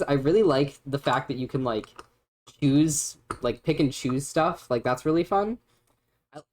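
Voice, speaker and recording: A woman with a notably low speaking voice, chatting casually as she streams a game. She rambles, giggles and breaks off mid-thought. Her tone stays loose and informal throughout. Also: a little mellow. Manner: giggly, rambling, self-interrupting.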